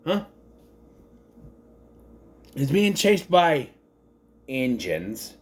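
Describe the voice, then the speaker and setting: Rambling man with a lively voice. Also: medium pitch, a little slow, long pauses. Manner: rambling, self-correcting, thinks aloud with many restarts. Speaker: movie reviewer. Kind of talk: casual spoken movie review.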